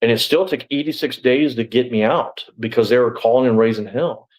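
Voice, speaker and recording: A man's voice: medium pitch, brisk, darkish tone, low-quality recording. A middle-aged man telling his story as an interview guest, rambling and blunt, full of "you know" and restarts. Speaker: interview guest, former sheriff's deputy.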